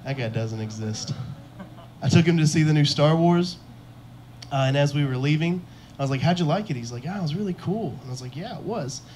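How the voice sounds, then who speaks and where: A man's voice: a little high, brisk, pauses often, a little mellow, slight background noise. Young man doing self-deprecating stand-up. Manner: self-deprecating, chuckles at his own jokes. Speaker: stand-up comedian. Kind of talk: stand-up comedy set. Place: comedy club stage.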